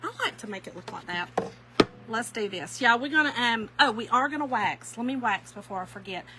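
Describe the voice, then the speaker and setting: A woman's voice: a little high, lively intonation, brisk, noisy background. A woman with a Southern accent, hosting a craft livestream in casual, teasing chat and laughing often. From US North.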